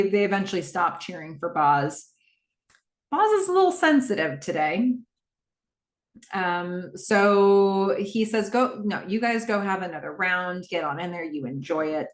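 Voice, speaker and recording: A woman hosting a podcast, recapping a TV episode in a casual, animated way and quickly acting out the characters' lines. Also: medium pitch, roomy sound. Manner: animated retelling with quick quoted voices of characters.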